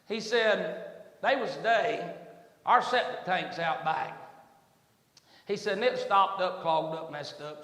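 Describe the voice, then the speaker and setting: A preacher with a high, bright, ringing voice tells a homespun story from the pulpit. He climbs into fervent shouting as he preaches. The sound bounces around a roomy church hall with a long reverb tail. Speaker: pastor. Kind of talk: sermon storytelling. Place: church sanctuary.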